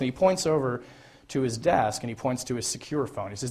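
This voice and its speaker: Brief: adult man, mid-pitched, lecturer relating an anecdote, loose and chatty with restarts. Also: lively intonation, fast talker, a little mellow, slightly rough. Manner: conversational, frequent fillers and restarts. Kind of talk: public lecture storytelling.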